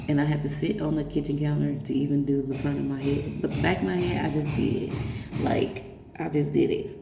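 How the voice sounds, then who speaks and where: A young woman with a low, gravelly voice tells a rambling personal story straight to her viewers. She laughs often and calls them y'all. The echoey room carries a steady hiss of noise behind her. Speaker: vlogger.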